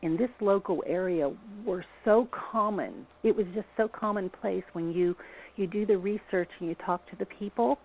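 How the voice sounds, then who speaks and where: A woman's voice: medium pitch, moderate pace, slight background noise. Woman storyteller on a tinny phone line. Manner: rambling, many restarts and fillers. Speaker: local historian guest. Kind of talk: casual storytelling on a phone-in show.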